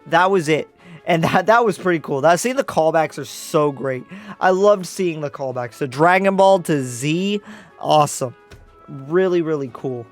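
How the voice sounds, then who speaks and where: A man's voice: a little high, lively intonation, moderate pace, faint music behind. A man giving a casual spoken movie review as a YouTube reviewer, rambling and correcting himself with lots of fillers.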